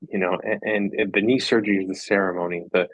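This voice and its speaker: A man's voice: sits low, fairly even intonation, quick pace, no echo, rough recording. A man talking as a podcast guest in a reflective, casual way, earnest and rambling, repeating phrases for emphasis.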